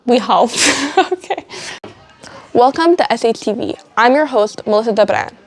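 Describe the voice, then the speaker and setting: A teenage girl with a slightly high voice hosts a student show. She keeps breaking into giggles and restarting her lines, flustered but cheerful. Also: animated, moderate pace. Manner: giggly, flustered by slip-ups. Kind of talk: outtakes of a school show.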